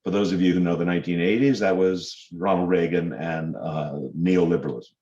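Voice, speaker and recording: A man's voice: sits low, fairly even intonation, fairly quick, a little mellow. A man giving a public lecture to students, emphatic and full of sarcastic rhetorical questions. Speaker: guest lecturer. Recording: dull lo-fi lecture recording.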